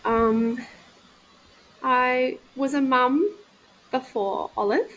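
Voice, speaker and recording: A woman in her thirties talking candidly in a casual podcast conversation, reflective and halting, often restarting her sentences. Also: sits high, a bit bright, poor audio. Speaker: guest, midwife.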